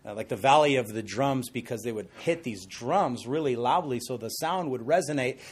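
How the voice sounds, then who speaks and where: A middle-aged man preaching an expository sermon as pastor, conversational and animated, with jokey asides. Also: mid-range voice, normal speed, slightly rough.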